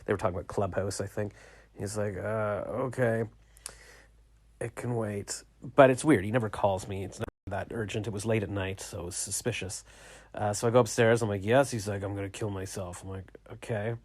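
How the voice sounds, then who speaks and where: A man with a lowish voice talks through his day in a rambling, reflective video diary. The sound is close and dry, from a small home studio. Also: fairly even intonation, fairly quick, no room sound. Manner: rambling and reflective, retelling conversations. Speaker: vlogger. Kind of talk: casual late-night video diary.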